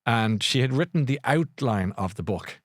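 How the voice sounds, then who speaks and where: A man's voice: medium pitch, animated, normal speed, no echo, clean studio sound. A middle-aged Irish man hosting a podcast, chatting in a rambling way with many restarts and self-corrections. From Ireland. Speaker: podcast host. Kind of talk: casual chat, book recommendation.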